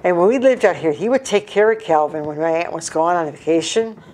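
A woman's voice: on the low side, a little fast, a little mellow, slight background noise. Rambling woman telling corny jokes. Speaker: interviewee. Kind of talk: casual chat.

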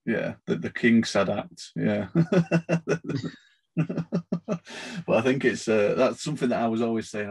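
A man's voice: fairly low pitch, measured pace, gravelly, pauses often, breathy edge. A man hosting a casual interview on a video call, talking hesitantly with many repeated words and laughing at himself. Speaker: interviewer, collectors group host.

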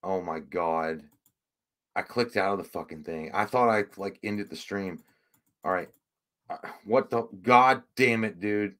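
A man's voice: low voice, a little slow, fairly bright tone. A man hosting a casual livestream, rambling and swearing, easily frustrated. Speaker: livestream host.

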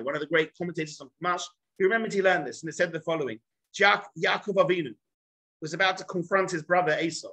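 A rabbi with a high-pitched voice, captured in a low-quality recording, gives a storytelling lecture to a group. He's an animated storyteller who acts out the quotes in his stories as dialogue and addresses listeners directly, asking the room questions.

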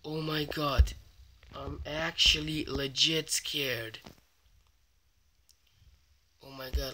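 A man's voice: medium pitch, level tone, slow pace, pauses often, sharp tone, a little hiss or hum. Jittery young man whispering in fear. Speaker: gaming channel host. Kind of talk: scared mobile horror let's play.

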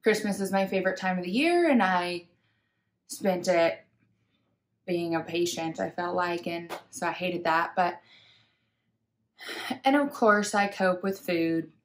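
A woman's voice: lowish voice, measured pace, long pauses. A young woman vlogger candidly telling her own story, reflective and open, acting out what she told herself and others. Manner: candid, reflective, retells inner talk and dialogue. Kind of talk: personal storytelling vlog.

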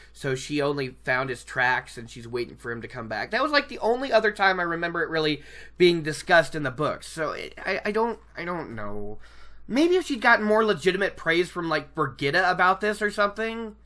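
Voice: mid-range voice, pushed and bright. A podcast host chatting casually about a book, enthusiastic and rambling, laughing often.

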